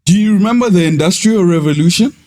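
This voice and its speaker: A man's voice: high-pitched, quick pace, darkish tone. A man co-hosting a casual podcast chat, laughing often and saying "sure" a lot. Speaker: podcast co-host.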